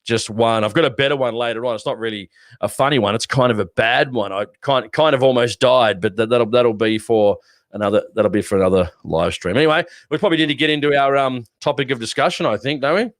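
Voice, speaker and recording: An Australian man hosting a podcast, chatting casually and telling a rambling, animated army story. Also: medium pitch, fast talker, no room sound, clean studio sound. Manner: rambling, animated storyteller who acts out shouting. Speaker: podcast co-host.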